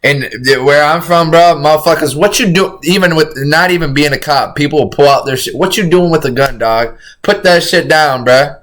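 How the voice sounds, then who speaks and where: A man's voice: fairly high pitch, normal speed, hardly any pauses, fairly bright tone. Rambling, profane young-sounding streamer guy. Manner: profane, slangy, rambling, says "bro" constantly. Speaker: streamer reacting to a crime video. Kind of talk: casual reaction commentary.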